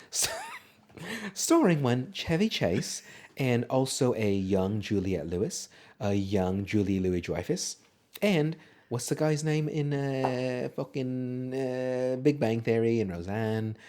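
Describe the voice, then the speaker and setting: A man in a relaxed movie-review podcast chat, his voice sitting at an ordinary middle pitch. He curses freely, trails off into fillers and breaks into laughter as he riffs with his co-host. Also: slow. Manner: profane, jokey, frequent laughter and filler words.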